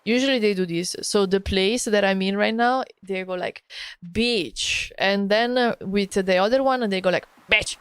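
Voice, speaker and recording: A woman's voice: mid-range voice, normal speed, hardly any pauses, clean tone, no room sound. A woman from Italy speaking with an Italian accent, chatting casually and playfully with viewers on a live stream and laughing often.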